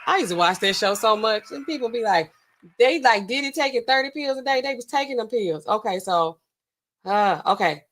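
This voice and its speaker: Reading drug documents aloud in a relaxed pharmacy commentary, a woman keeps sprinkling in "okay?" as she skims along. Her voice sits on the high side, lively and fairly bright, moving at a moderate pace.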